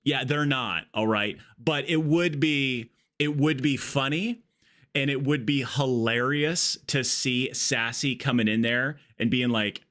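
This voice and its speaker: In no hurry, a man with a medium, fairly bright voice hosts a live gaming stream via an earbud mic. His casual chat is rambling and jokey, regularly slipping into tangents.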